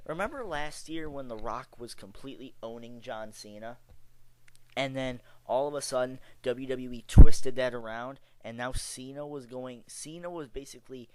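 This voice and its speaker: A man's voice: medium pitch, clean tone, no echo, rough recording. A young man from Chicago giving a rambling, exasperated and sarcastic casual rant about wrestling, full of fillers and restarts. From Chicago area. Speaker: wrestling vlogger.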